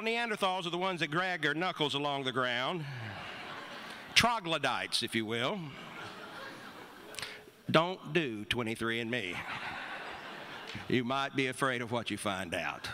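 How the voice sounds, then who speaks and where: A middle-aged man telling a wry, rambling story on stage between songs, with halting restarts. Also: mid-range voice, very animated, sharp tone, slight background noise.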